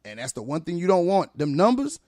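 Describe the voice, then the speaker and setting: A man who works as a teacher, talking as a guest on a podcast, telling animated, emphatic stories. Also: fairly high pitch, brisk, dry recording, clean studio sound. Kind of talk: casual podcast conversation.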